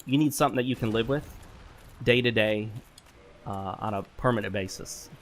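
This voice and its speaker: A man's voice: lowish voice, moderate pace, a little hiss or hum. A man hosting a gaming channel, chatting casually over gameplay and handing out blunt, opinionated advice, rambling with lots of fillers and self-corrections.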